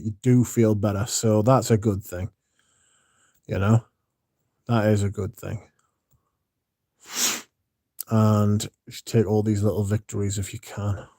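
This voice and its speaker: A man's voice: lowish voice, steady tone, a little slow, long pauses, dark tone, no room sound, studio quality. A man hosting a casual livestream, sleepy and yawning, rambling and swearing as he chats to his viewers. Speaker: livestream host.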